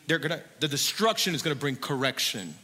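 A man voicing God as a calm, reassuring father figure, in an echoey hall. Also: fairly high pitch, fast, voice pushed down. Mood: patient.

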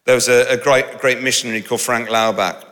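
A man preaching a humorous, storytelling sermon, self-mocking and animated. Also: mid-range voice, a little fast. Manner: animated, self-mocking, laughs through stories. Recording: large hall with long reverb.

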